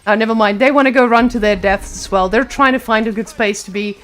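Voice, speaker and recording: A woman casting an esports match with energetic play-by-play commentary, quick to hype up big plays. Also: on the high side. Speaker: esports caster.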